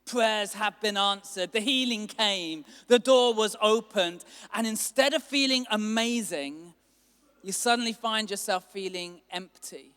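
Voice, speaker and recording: A man preaching a sermon as a pastor, animated and acting out quotes with sudden bursts of loudness. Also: high voice, unhurried, clear, resonant tone. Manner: animated, acts out quotes with big swings in loudness. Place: church hall. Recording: long hall reverb.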